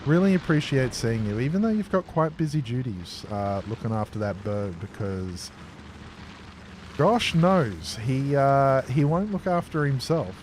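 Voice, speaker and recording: A man's voice: mid-range voice, big pitch swings, unhurried, darkish tone, a little hiss or hum. A man streaming a factory-building game, chatting and joking casually with his viewers. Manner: jokey, chatty, responds to chat aloud. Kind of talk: casual live-stream chat.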